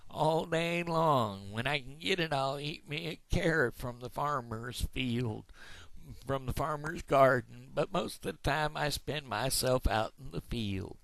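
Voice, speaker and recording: A man's voice: unhurried, vocal fry, a bit bright, no echo. A man voicing a chatty, homely rabbit in a told joke. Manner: high, folksy, chatty.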